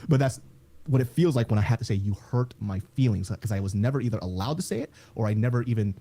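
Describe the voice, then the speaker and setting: A man co-hosting a podcast, telling stories with lots of laughter and acting out quotes in high voices. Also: expressive, racing, mellow. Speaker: podcast co-host. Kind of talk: casual podcast storytelling.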